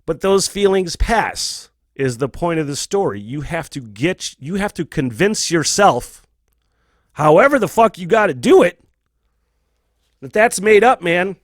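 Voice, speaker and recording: A man's voice: high-pitched, big pitch swings, measured pace, no room sound, clean studio sound. Profane, chatty male podcast host. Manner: profane, rambling, laughs often. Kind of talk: candid casual monologue.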